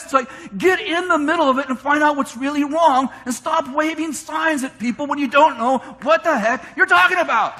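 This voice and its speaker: A man preaching a lively sermon, shouting his points and mimicking complainers in mock voices. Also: very high voice, fairly quick, hardly any pauses. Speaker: pastor. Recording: long hall reverb from a church.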